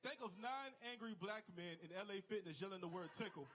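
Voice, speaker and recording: A man's voice: sits high, fairly quick, fairly bright tone. A man doing a stand-up comedy set on a club stage, telling stories and acting out the people in them with exaggerated voices. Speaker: stand-up comic.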